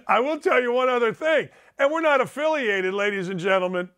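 A man's voice: very high voice, lively intonation, normal speed, a bit bright. A middle-aged man hosting a sports talk show from home, ranting in an emphatic, sarcastic and digressive way. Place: home studio.

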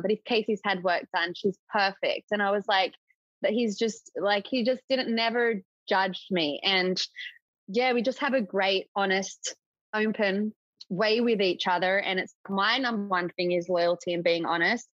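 Brief: young woman guest, candid chatty tone, middle pitch, dry and slightly muffled recording. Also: fairly bright tone, no echo. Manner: chatty, open, full of filler likes. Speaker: podcast guest. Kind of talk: casual chat. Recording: dull, dry lo-fi audio.

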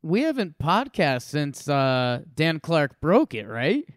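A man's voice: on the high side, big pitch swings, takes it slowly, no room sound, clean studio sound. A man co-hosting a podcast, chatting casually and chiming in with short agreeing replies. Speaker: podcast co-host.

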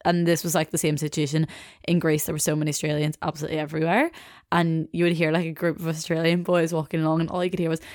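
A woman's voice: deep voice, little pitch movement, quick pace, a little mellow, no echo, clean studio sound. A young woman hosting a casual, rambling solo podcast chat, swearing and laughing as she goes. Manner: chatty, rambling, swears and laughs easily, mimics accents. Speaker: podcast host.

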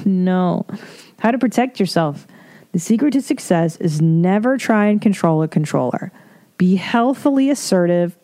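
A woman's voice: on the low side, warm tone. A woman hosting a solo podcast, reading from an article and adding blunt, profane, laughing asides. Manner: reads from an article and comments. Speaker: podcast host. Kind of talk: casual solo podcast monologue.

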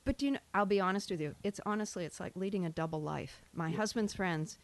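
A middle-aged woman with a Boston accent, a comedian telling stories in casual chat, lively and quick to laugh. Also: mid-range voice, dry recording. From Massachusetts. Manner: lively storyteller, laughs often, puts on voices for jokes. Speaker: comedian guest.

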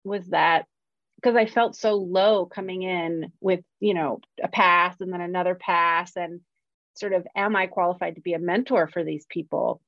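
A woman's voice: lowish voice, dry recording. A woman co-hosting a podcast, talking candidly and reflectively about her working life as a screenwriter. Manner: earnest, self-reflective, openly emotional at times. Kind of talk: candid casual chat. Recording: dry, dull lo-fi audio.

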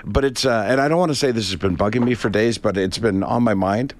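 A man's voice: lowish voice, fast, slight background noise. A man co-hosting a radio show, telling a story in a conversational way and speaking straight to the listeners. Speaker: radio co-host. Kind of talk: casual on-air chat.

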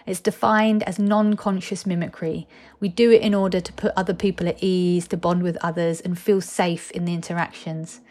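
A woman's voice: lowish voice, little pitch movement, normal speed, darkish tone. A woman, reading her own personal essay in a candid, wry, conversational way. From East London, England.

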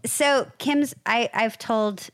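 A woman in casual chat, telling stories in an animated, rambling way. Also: fairly high pitch, slow, clear, resonant tone, dry recording, clean studio sound.

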